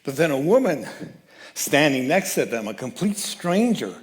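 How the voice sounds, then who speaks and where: A man giving a sermon as guest speaker at a church, telling a story with lively changes of voice. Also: on the high side, normal speed. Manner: animated storyteller, acts out quoted voices. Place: church sanctuary.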